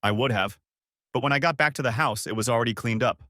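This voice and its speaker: A man's voice: mid-range voice, fast, sharp tone, dry recording, studio quality, close to an everyday voice. A man voicing a remorseful young wife who pleads and apologizes in a story reading. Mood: pleading.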